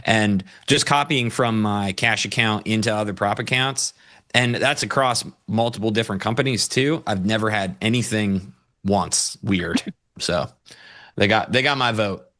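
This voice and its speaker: A man's voice: on the low side, normal speed, pushed and bright. A man co-hosting a live stream, chatting loosely and laughing often as he answers chat questions.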